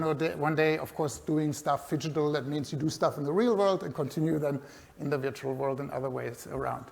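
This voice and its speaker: A man giving a fast conference keynote, rushing through his slides with frequent restarts and self-corrections. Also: a little high. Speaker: conference speaker. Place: large conference hall. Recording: hall reverb.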